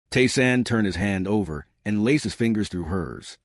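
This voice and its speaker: A man narrating a scripted story in a measured, plain way. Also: on the low side, lively intonation, no room sound, clean studio sound.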